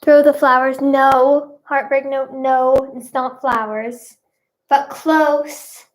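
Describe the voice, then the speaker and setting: A young woman with a bright, high voice talks to her viewers on a live stream. She chats casually and bubbles along, rambling and giggling as she goes. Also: steady tone, slow.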